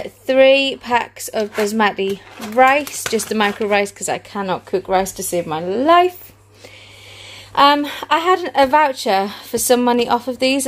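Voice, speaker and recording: A woman's voice: on the high side, a little hiss or hum. A woman with a British accent chatting casually on her vlog, listing items one by one and a little out of breath. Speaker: family vlogger.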